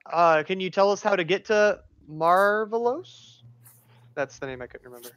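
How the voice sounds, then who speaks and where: A man's voice: high-pitched, expressive, moderate pace, fairly bright tone, no echo. A man playing a tabletop game, chatty and laughing often as he plays. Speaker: player. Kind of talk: casual tabletop role-play. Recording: dull lo-fi sound.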